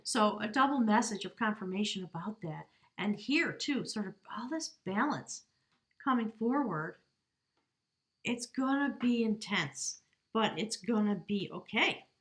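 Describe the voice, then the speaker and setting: Speaking to camera in a mid-range voice, a woman gives a casual tarot reading. She's animated yet unhurried, chatty and heartfelt as she addresses the viewer directly.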